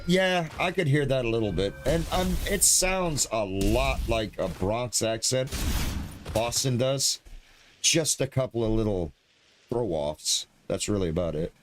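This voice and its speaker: Low-voiced laid-back streamer man. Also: big pitch swings, unhurried, slight background noise. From New York. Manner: laid-back, friendly, teasing banter. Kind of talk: casual chat with a guest on a live game stream.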